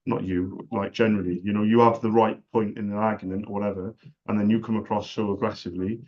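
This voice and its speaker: A man's voice: on the low side, little pitch movement, fast. A man who runs a small business, chatting casually and making a sales call, earnest and repeating himself as he talks. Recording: dull lo-fi recording.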